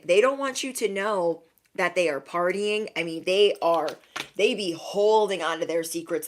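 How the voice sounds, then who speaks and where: A woman's voice: mid-range voice, a little hiss or hum. A young adult woman giving a casual intuitive reading to her viewers, frank and chatty, full of "like" fillers. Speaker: intuitive card reader.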